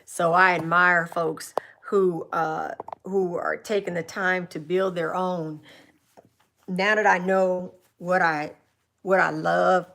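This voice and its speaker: A woman's voice: on the low side, flat delivery, slow, creaky, fairly bright tone. A woman from California hosting a casual live chat from her RV, answering viewers' questions in a rambling, chatty way with restarts and asides.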